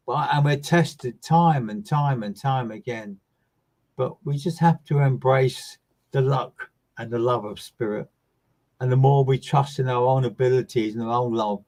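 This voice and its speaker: A man working as a medium, giving live online readings in a soft, soothing, repetitive way that often trails off quietly. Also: mid-range voice, rough recording.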